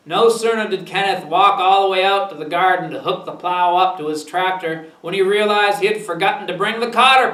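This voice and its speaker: A man's voice: sits high, pushed and bright, echoey room, far from the mic, poor audio. A man with a Maine accent reading his humor book aloud in an easygoing, folksy way. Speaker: storyteller.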